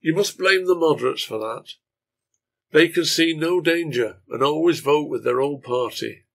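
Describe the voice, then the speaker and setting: A man's voice: fairly high pitch, moderate pace, vocal fry, a bit bright, voice pushed up. A man voicing a strong, burly drinker who talks bluntly and firmly.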